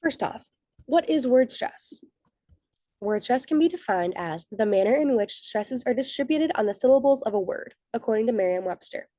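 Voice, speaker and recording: Young woman student presenter, mellow tone, dry close sound, reads prepared slide notes in order. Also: a little high, lively intonation, normal speed, no room sound.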